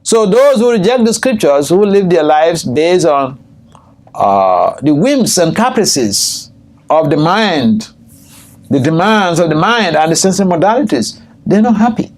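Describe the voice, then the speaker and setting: Lively older male swami telling stories. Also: measured pace. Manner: storytelling, chuckles often, jumps high in pitch for quoted speech. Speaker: swami teaching scripture. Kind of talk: scripture class with personal anecdotes. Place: temple room.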